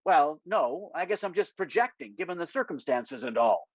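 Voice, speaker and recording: A man's voice: a little high, expressive, normal speed, no room sound. A man voicing an earnest, nervous young political aide who sounds a bit self-important. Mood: eager, nervous. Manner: earnest, nervous, slightly pompous. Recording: dry, slightly dull lo-fi sound.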